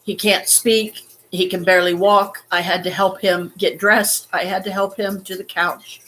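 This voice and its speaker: Woman vlogger, halting and near tears, swearing as she talks. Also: medium pitch, little pitch movement, fairly bright tone, slight background noise. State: holding back tears. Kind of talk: emotional personal story.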